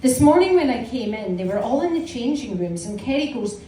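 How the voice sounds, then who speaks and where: A woman's voice: fairly high pitch, big pitch swings, brisk, mellow. A Scottish woman in her forties reading aloud from her teenage diary to a live audience, with a wry, amused storytelling manner. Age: 40s. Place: small indoor live venue. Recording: roomy, distant mic with audience noise.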